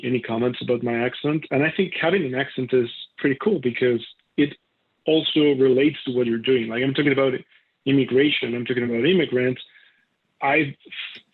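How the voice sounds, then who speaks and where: A man speaking as a guest on a video chat, keeping it easygoing and brief. His voice is gravelly and husky, and it comes through a thin, phone-like line. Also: mid-range voice, fairly quick. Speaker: podcaster guest. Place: Toronto.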